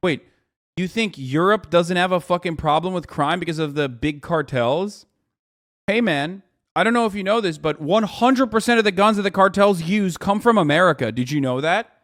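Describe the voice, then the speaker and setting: Male streamer, heated rant, profane, restarts, slightly high voice. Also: moderate pace, fairly bright tone. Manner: profane, ranting, talks over himself with restarts. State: agitated, at times shouting. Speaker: streamer reacting to a video.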